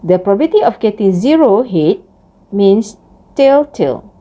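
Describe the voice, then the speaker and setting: A woman giving a recorded math lecture, explaining each step slowly. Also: highs cut off. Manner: slow, lively pitch, explains step by step.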